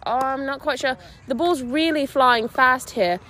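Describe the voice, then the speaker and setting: A young woman giving fast, giggly play-by-play of a casual pickleball game outdoors. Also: high voice, bright, forceful tone, slight background noise. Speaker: amateur game announcer. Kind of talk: playful play-by-play commentary.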